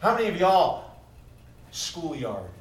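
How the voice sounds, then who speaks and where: Preacher in an echoey church. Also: male voice, fairly high pitch, sing-song, takes it slowly. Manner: swings from soft musing to loud emphatic preaching. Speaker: pastor. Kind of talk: sermon. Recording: echoey room heard from a distance.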